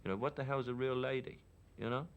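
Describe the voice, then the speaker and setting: A man's voice: medium pitch, fast talker, phone-quality sound. A man with a Cockney accent from London, giving a frank, opinionated and reflective account in a candid documentary interview. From London, England.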